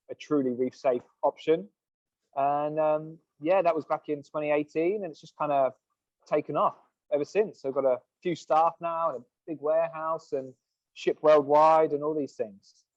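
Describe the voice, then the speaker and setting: Laid-back and rambling, a male podcast guest who co-founded a sunscreen company leans heavily on "like" and "um" during a casual chat. His voice is a little high at a moderate pace, with no echo in the dull, dry recording.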